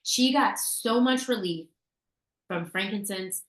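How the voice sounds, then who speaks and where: A woman's voice: medium pitch, takes it slowly, fairly bright tone. A woman co-hosting a casual talk show, telling a story in a chatty way, with fillers and restarts. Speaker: podcast co-host sharing essential oil tips. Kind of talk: casual chat. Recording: roomy echo.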